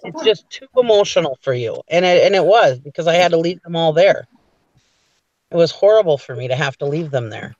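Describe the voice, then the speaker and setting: A woman's voice: low-pitched, a little fast, a little mellow, no room sound, dull audio. A woman in casual chat on a video call, chatty and giggly.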